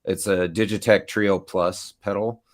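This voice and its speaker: With a low, flat voice and a slightly slow delivery, this middle-aged co-host rambles through casual live-stream chat. His talk is loaded with fillers.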